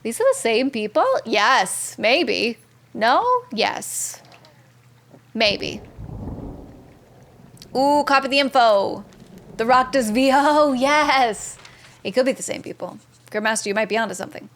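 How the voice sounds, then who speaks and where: A woman streaming a video game live, chatting excitedly and reading viewer messages aloud. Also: on the high side, a little slow, long pauses, a little hiss or hum. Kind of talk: live gameplay commentary.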